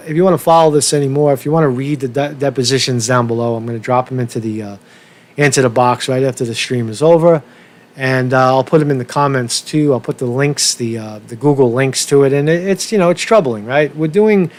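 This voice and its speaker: A man hosting a casual livestream rant, worked up and talking fast to his viewers, often repeating and restarting his words and swearing now and then. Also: medium pitch, a little mellow. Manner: asks viewers for feedback, profane. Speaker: livestream host.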